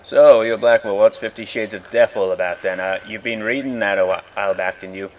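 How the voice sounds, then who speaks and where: A man's voice: on the low side, steady tone, a little fast, highs cut off. A young man ranting in a rambling, exasperated way, swearing often while commenting on a game. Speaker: gaming video host. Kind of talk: casual rant over gameplay.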